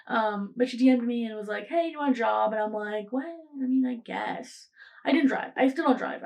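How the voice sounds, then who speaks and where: A woman's voice: a little high, gravelly, a little mellow. A young woman in her late teens hosting a podcast, telling a story in a rambling casual way, full of fillers and restarts. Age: young adult. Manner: rambling, frequent fillers and restarts, acts out quoted lines. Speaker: podcast host.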